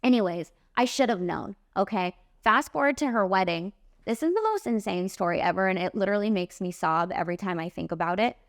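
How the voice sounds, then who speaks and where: A young woman in her late twenties with a smooth, clear voice, telling a personal story on her podcast. Her delivery is casual and emphatic, sitting at a middle pitch for a woman. She leans on "like" and "literally" as she tells it. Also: animated, a little fast, no room sound, studio quality. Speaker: podcast host and makeup artist.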